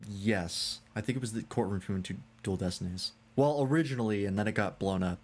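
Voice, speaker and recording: A man's voice: on the low side, a little fast, a little hiss or hum. A man streaming a game, chatting casually in musing asides. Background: game music.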